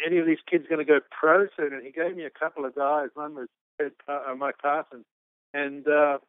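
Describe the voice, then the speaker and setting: A man's voice: fairly high pitch, clean tone, no room sound. A man from Australia, a business founder, telling his story in an interview, rambling and restarting often. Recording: phone-like narrow-band line.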